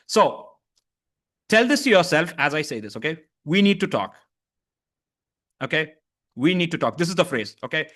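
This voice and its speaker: High-voiced man teaching voice. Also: a bit bright. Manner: demonstrates tones, encouraging. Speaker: voice coach. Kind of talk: online master class.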